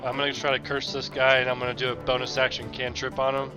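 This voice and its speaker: A man's voice: medium pitch, completely flat delivery, quick pace, lo-fi sound, music in the background. A man playing a tabletop game, casually and methodically talking through tactics. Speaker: player.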